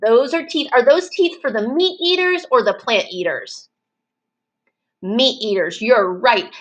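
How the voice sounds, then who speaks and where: A woman teaching preschool children in an online circle time, slow and encouraging, stretching words out so the children can clap the syllables. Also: high voice, a bit bright, rough recording.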